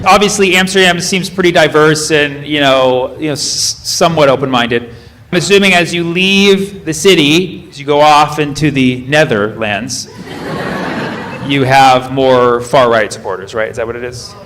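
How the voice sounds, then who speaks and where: A man's voice: a little high, normal speed, fairly bright tone, slight background noise. A man doing live stand-up crowd work on stage, quizzing the audience and correcting himself mid-sentence. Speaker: stand-up comedian. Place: comedy club stage. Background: audience laughter and room murmur.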